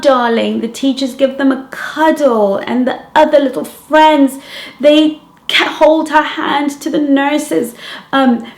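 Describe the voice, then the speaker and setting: A woman relationship coach talks straight to her viewers with affection. She tells stories with dramatic emphasis and well-placed pauses, at a mid pitch. The voice carries the echo of a reverberant room. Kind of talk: motivational talk with storytelling. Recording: echoey room.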